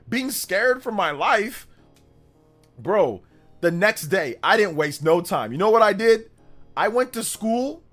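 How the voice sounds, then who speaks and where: A man in his thirties, hosting a livestream and telling a childhood story in a casual, animated way. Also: high-pitched. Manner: animated, with exaggerated voices for quoted people. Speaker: livestream host.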